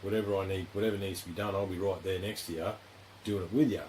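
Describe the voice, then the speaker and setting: Deep-voiced and darkish in tone, the Australian host talks quickly and steadily in a studio podcast interview. He rambles frankly, swears a lot and leans constantly on "you know." A faint hiss or hum runs through the rough recording.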